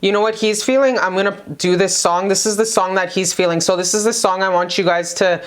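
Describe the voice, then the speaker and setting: Chatty, blunt woman tarot reader. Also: brisk. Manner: chatty and blunt, swears freely, addresses viewers as "you guys"; animated, jumps in pitch for emphasis. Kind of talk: casual love tarot reading to camera.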